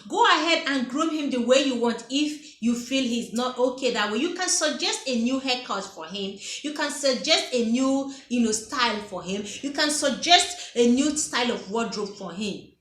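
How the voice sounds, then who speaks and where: A woman's voice: on the high side, animated, moderate pace, fairly bright tone. A woman giving relationship advice to camera in a casual, emphatic way, often repeating her phrases. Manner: emphatic, repeats phrases, acts out quoted dialogue. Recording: echoey room.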